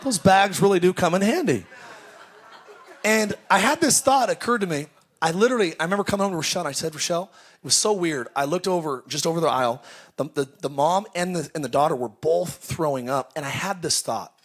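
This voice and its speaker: A man preaching in a high, light voice at a church service. He tells his stories in a loose, personal way. He keeps breaking into loud, shouted exclamations. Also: fast, slightly rough. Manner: storytelling, bursts into shouted exclamations. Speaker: pastor. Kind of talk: sermon.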